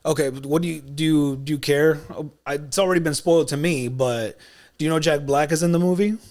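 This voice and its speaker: A young man co-hosting a podcast, talking in a casual, animated way and slipping into mock voices for jokes. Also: fairly high pitch, fairly quick. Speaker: podcast co-host. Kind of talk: casual chat.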